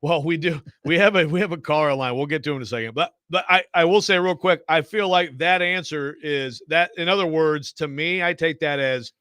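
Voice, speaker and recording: A sports radio host, a man, talking in a bright, slightly raised voice that cuts through the dry studio air. He is chatty, steers the show and jumps in on his co-hosts. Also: on the high side, brisk, hardly any pauses, clean tone, no echo. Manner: chatty, interrupts, runs the show. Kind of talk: casual sports talk radio.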